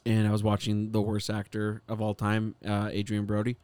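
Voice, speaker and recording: A young man hosts a podcast with crude, joking banter. His voice is smooth and clear, and the sound is dry and close with no room echo. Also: fairly low pitch, completely flat delivery, moderate pace, darkish tone. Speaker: podcast host. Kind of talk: casual chat.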